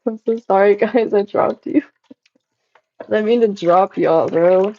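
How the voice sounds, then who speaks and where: A young woman livestreaming, telling stories in casual chat and jumping into high-pitched voices when she quotes people. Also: measured pace, muffled recording. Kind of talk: casual live-stream chat. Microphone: phone.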